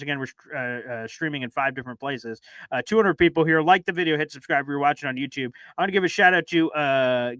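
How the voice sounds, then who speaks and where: Fast-talking high-voiced male host. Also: no echo. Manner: fast-talking, energetic, chatty. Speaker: podcast host. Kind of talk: casual live-stream chat.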